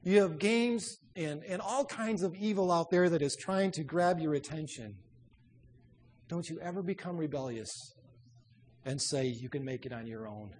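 A man preaching a sermon in an emphatic, exhorting way, often dropping low and soft to drive a point home. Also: moderate pace, a little hiss or hum.

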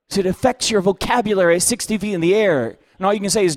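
Casting: a man preacher with a very high voice, self-mocking and comic, telling a sermon story, dry close sound. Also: very fast, dry recording.

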